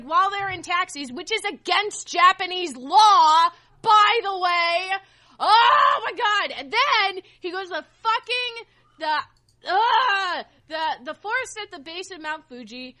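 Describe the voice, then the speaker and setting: A woman's voice: extremely high pitch, pushed and bright. A woman co-hosting a podcast, ranting angrily with a lot of swearing. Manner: angry ranting, heavy swearing. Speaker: podcast co-host. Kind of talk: casual podcast chat.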